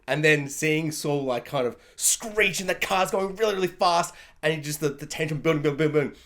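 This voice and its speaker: A man's voice: on the high side, brisk, fairly bright tone. A man giving a casual, gushing TV episode review, rambling with lots of fillers. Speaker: TV review vlogger.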